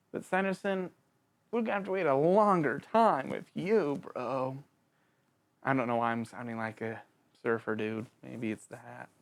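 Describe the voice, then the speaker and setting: A channel host giving a casual, excitable spoken book review, joking around and talking straight to the author and characters. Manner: excitable and jokey, with big swings in pitch; addresses the author and characters directly, playful slang.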